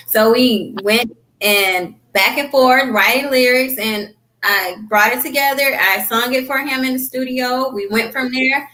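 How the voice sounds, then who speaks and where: A young Southern American woman in her twenties, joining by video call, with a bright, forceful voice set a little high. She speaks in a relaxed way and leans on "like" and "basically". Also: measured pace, rough recording. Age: 20s. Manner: relaxed, says like and basically often. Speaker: singer, guest. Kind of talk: casual interview chat.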